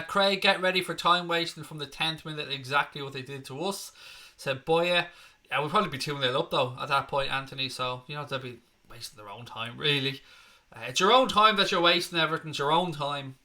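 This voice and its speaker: A man's voice: fairly high pitch, moderate pace, pushed and bright. A man hosting a football fan channel, reading viewer comments aloud and answering them in a blunt, sweary, chatty way. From Northern Ireland or Ireland. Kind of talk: casual livestream chat.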